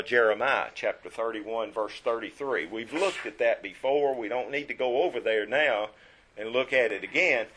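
A man preaching a sermon in church, his voice sitting at a middling pitch. He reads scripture aloud and quizzes the listeners. He drops to a hush, then rises to strong, stressed lines. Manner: swings from hushed to emphatic.

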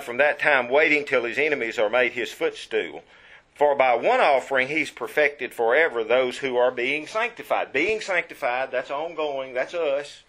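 A man preaching a sermon in church, his voice sitting at a middling pitch. He reads scripture aloud and quizzes the listeners. He drops to a hush, then rises to strong, stressed lines. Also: normal speed. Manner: swings from hushed to emphatic.

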